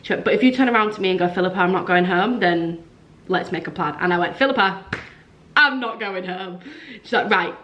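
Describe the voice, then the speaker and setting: Young woman, vlogger, slightly low voice, chatty storytelling with lots of "like". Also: fast talker, fairly bright tone, highs cut off, a little hiss or hum. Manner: chatty, frequent "like", acts out quoted dialogue. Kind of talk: casual storytelling to camera.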